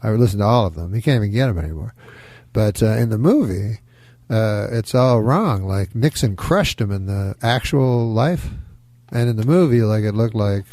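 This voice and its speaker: Deadpan, gravelly male comedian. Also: on the low side, moderate pace, no echo, studio quality. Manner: deadpan, rambling. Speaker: comedian guest. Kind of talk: casual chat.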